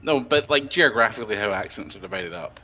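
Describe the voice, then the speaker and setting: A man's voice: fairly low pitch, lively intonation, quick pace, lo-fi sound, a loud crowd. A man chatting on a gaming stream voice call, hesitant and repeating his words. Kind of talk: casual gaming stream chat.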